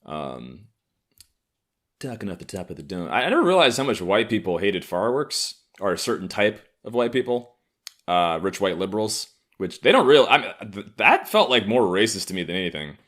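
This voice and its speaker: A man in his thirties from Harlem riffs through a solo comedy podcast monologue. His voice sits low but swings widely in pitch, with sardonic, profane asides. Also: big pitch swings, a little fast, fairly bright tone. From Harlem, New York. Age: 30s. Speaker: podcast host.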